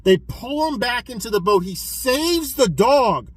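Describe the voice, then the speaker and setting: A man casually reviewing a film he watched, retelling the plot in an excitable, profane way with many restarts. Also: extremely high pitch, measured pace, breathy edge, dry recording, poor audio. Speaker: physical media collector reviewing films.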